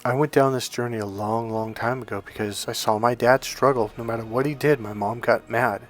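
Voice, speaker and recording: A man's voice: mid-range voice, fairly even intonation, a little fast, soft background music. A man speaking as a dating coach in a persuasive, emphatic monologue to his viewers. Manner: emphatic, persuasive, acts out quoted voices.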